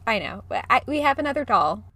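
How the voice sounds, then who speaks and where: A woman podcast co-host chatting casually over a video call, giggly and quick to apologize. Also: on the high side, sing-song, sharp tone, no room sound. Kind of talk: casual chat. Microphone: podcast mic over video call.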